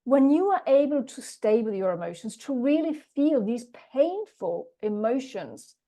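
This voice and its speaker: A woman's voice: sits high, very animated, measured pace, warm tone. A woman project management coach giving a webinar talk, telling stories about clients she has coached. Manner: storytelling with quoted coaching dialogue.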